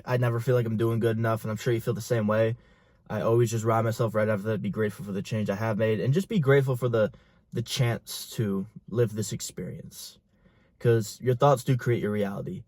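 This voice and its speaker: A man's voice: mid-range voice, fairly even intonation, fairly quick, darkish tone, no room sound, studio quality. A young man, a fitness and business coach, talking straight to camera in an intense, profane, pushy motivational style.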